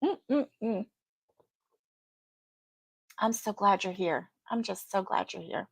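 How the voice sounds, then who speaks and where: A woman's voice: mid-range voice, very animated, slow, vocal fry, long pauses, a little mellow, no room sound. A woman hosting a casual live chat, greeting viewers by name and laughing often. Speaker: livestream host.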